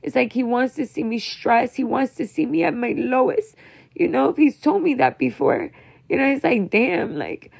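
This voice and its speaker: A woman's voice: high-pitched, very animated, normal speed, gravelly, darkish tone, slightly rough. A young woman talking to her viewers as a mother, venting in a casual, rambling, emotional way, full of "like" and "you know.". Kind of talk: casual confessional monologue.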